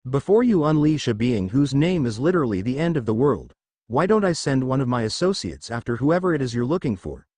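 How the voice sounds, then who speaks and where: A man voicing a calm, persuasive villain leader in a story reading. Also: medium pitch, fairly quick. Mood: scheming. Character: smooth scheming male villain leader.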